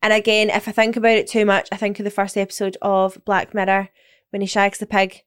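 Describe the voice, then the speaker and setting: A woman's voice: medium pitch, monotone, a little fast, smooth. Scottish woman, young, podcast co-host, blunt and sweary banter, teasing the others. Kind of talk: casual chat.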